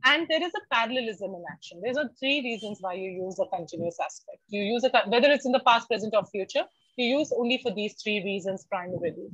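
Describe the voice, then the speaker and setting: A woman with an Indian English accent giving an online university lecture, lively and expressive, slipping into Hindi for everyday examples. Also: medium pitch, fast, dry recording. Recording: dry, dull lo-fi online call.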